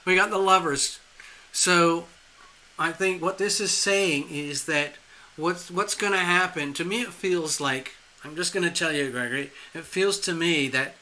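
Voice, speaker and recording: A man reading tarot live for a viewer, talking in a rambling, animated way with frequent restarts and chuckles. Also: on the high side, measured pace. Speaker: tarot reader hosting a live stream.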